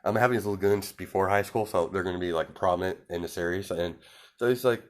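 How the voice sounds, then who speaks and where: A man's voice: sits low, quick pace. A man casually telling an improvised story, rambling with lots of fillers and restarts.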